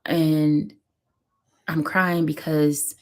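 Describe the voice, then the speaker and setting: A woman's voice: sits low, little pitch movement, extremely slow. A woman, a mother and vlogger, talking candidly and emotionally at home on a casual live stream, rambling with lots of fillers.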